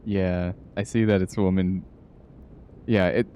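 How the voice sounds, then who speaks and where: A man's voice: lowish voice, normal speed, mellow, slight background noise. A man streaming live, chatting casually and playfully with his viewers and laughing often.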